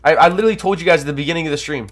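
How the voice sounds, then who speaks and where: Talking very fast in a fairly high voice, a young Canadian hosts a trading livestream, coaching and reading viewer comments in an energetic, hyped, casual way. His nose is stuffed up from allergies.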